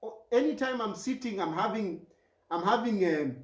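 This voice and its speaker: A man's voice: sits high, lively intonation, moderate pace, roomy sound. A man with a Zambian accent speaking straight to camera as a mayoral candidate, earnest and pleading, repeating his key phrases. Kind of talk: direct-to-camera address.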